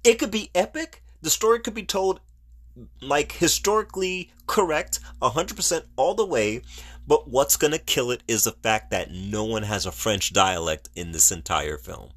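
A middle-aged man hosting a podcast, giving casual solo movie commentary in an animated, ranting way and laughing at his own jokes. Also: mid-range voice, moderate pace. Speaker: podcast host.

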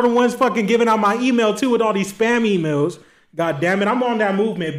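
A young man co-hosting a podcast, telling stories in a casual, animated way and joking around with lots of swearing. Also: high voice, a little fast. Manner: animated storytelling, swearing, playful rants. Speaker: podcast co-host. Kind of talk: casual chat.

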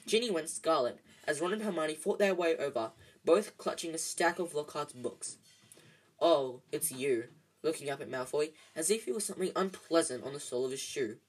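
A reader narrating a storybook aloud in a husky voice of middle pitch. They stumble now and then and correct themselves mid-sentence. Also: lively intonation, a little fast. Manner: reads with slips and restarts.

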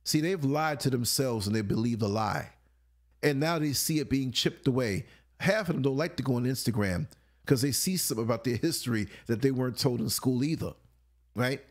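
A man on a late-night talk show, telling stories animatedly, laughing often and acting out grunts and voices. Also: mid-range voice. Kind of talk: late-night casual storytelling.

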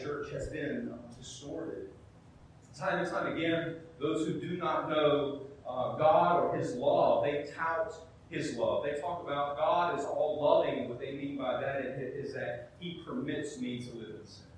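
A middle-aged man, preaching a sermon as a pastor, emphatic, with rhetorical questions and acted-out asides. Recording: very echoey hall, heard from a distance, faint rumble.

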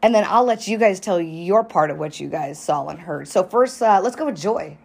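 Brief: woman, casual storyteller, animated and profane, acts out every quote. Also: lowish voice, normal speed, gravelly, slightly rough. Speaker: storyteller recounting a fight. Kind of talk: casual group chat.

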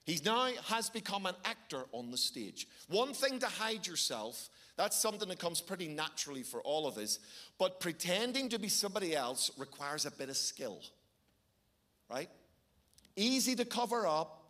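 A middle-aged Irish man preaching a sermon, telling stories with animated, sometimes shouted bursts. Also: high voice, normal speed. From Ireland. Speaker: pastor.

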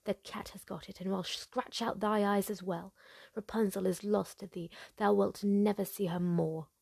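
A woman's voice: medium pitch, fairly even intonation, moderate pace, vocal fry, darkish tone, breathy edge, no echo. A woman voicing an angry, mocking old enchantress in a whispered role-play, scolding and sneering.

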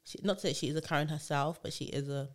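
A woman's voice: sits low, fast. A woman co-hosting a podcast, talking casually in an emphatic, opinionated way. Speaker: podcast co-host. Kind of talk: casual chat.

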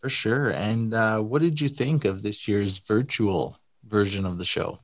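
A man's voice: lowish voice, fairly even intonation, a little slow, creaky, dry recording. A man hosting an interview, asking short friendly questions with the odd "uh". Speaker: interview host.

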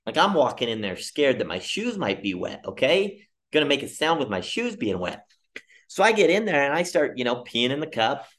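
A young man hosting a podcast, telling a comic story alone and acting out the people he quotes in jumpy, animated voices. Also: medium pitch. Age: young adult. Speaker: podcast host. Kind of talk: casual comedic monologue.

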